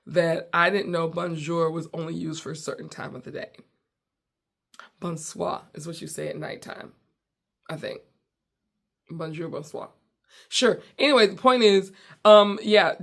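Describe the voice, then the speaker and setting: An animated woman from the US tells a comic story in a playful, casual way. Her voice has a gravelly edge, and she slips into the dialogue as she goes. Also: lowish voice. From United States. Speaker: comedian and podcast host.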